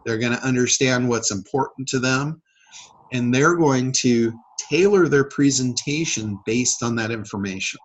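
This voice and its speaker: A man's voice: mid-range voice, normal speed, low-quality recording. A man hosting a casual coaching call, talking in a rambling way with many fillers and restarts. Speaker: public speaker and sales trainer.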